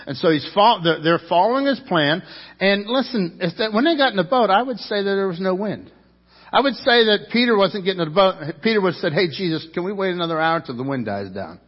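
Husky preacher in an echoey hall. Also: male voice, a little high. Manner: animated preaching, swings from loud to hushed, quotes in acted voices. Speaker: pastor. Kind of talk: sermon. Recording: echoey hall, dull lo-fi sound.

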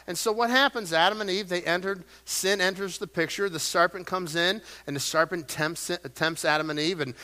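A man's voice: high voice, bright, forceful tone. A middle-aged man preaching a sermon in a church, folksy and storytelling, with self-deprecating asides. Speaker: pastor. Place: church sanctuary.

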